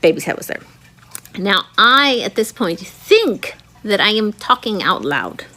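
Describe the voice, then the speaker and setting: A woman vlogger casually telling a personal birth story, animated and acting out the voices she quotes. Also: mid-range voice, unhurried.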